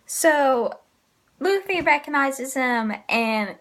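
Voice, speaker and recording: A woman casually recapping comic chapters, pausing often with fillers. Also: high-pitched, animated, a bit bright. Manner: hesitant, frequent filler pauses. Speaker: manga reviewer.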